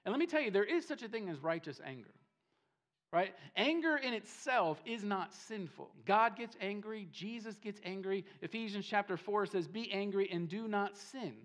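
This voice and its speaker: A man's voice: high voice, expressive, moderate pace, a bit bright. Male pastor, sermon in a church; emphatic, repetitive, rising and falling delivery. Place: church sanctuary.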